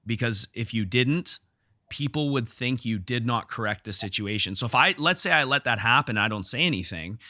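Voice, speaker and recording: Bright-voiced man telling a gym story. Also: medium pitch, expressive, normal speed, no room sound, studio quality. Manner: storytelling, repeats and restarts when heated. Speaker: podcast host and gym owner. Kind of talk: casual podcast conversation.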